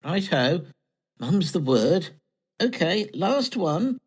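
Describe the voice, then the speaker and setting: A man's voice: high voice, sing-song, slow pace. A man performing scripted comedy dialogue, chatty, dry and earnest. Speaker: comedy co-host.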